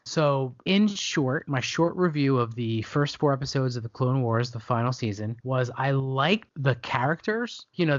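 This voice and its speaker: A man chatting about movies and shows on a podcast, rambling, animated and jokey. His voice sits at a middling pitch. It is recorded very dry and a bit dull. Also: no echo. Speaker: podcast co-host. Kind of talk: casual pop culture chat.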